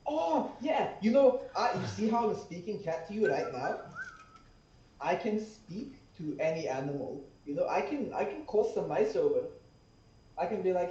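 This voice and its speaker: A man with a high, bouncing voice plays a tabletop game, joking and laughing freely. His tone is mellow rather than bright. He sits well away from the mic in an echoing room, and the sound is dull. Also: moderate pace. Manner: playful, laughing, animated. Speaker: player. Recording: roomy, distant, dull recording.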